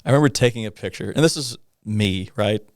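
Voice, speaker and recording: A middle-aged man, a police officer guest, recounting a personal story in a halting way, with many pauses, fillers and rueful laughs. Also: lowish voice, no echo, studio quality. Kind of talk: conversational storytelling in a podcast interview.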